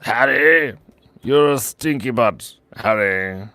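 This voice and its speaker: A man's voice: medium pitch, animated, slow pace, bright, forceful tone, no room sound, full character voice. Goofy villain wizard, as a man hams him up, mock threats, dry close mic. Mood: mock menace. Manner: hammy, mock-menacing. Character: silly bored dark wizard villain, male.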